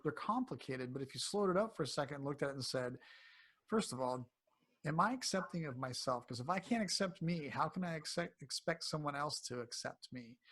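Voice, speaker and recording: A man being interviewed as a health coach, speaking casually and acting out quotes in animated voices. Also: fairly high pitch, breathy edge. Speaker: cancer coach guest.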